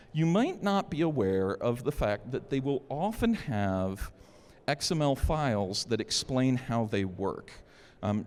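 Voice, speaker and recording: A man speaks at a conference in a casual, joking way. His pitch swings widely as he talks. The sound has a long reverb, as if recorded in a big hall. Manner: animated, informal, joking. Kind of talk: security conference talk.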